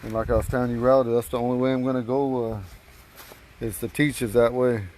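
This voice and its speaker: A man's voice: mid-range voice, level tone, fast talker, a little mellow, rough recording. A man teaching a language in a casual, rambling livestream lesson, often repeating and correcting himself.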